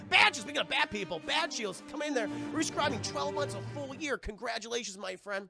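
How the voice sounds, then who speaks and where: A man giving a casual live-stream film review, animated and profane, talking straight to his chat. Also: extremely high pitch, brisk, gravelly, few pauses, music in the background.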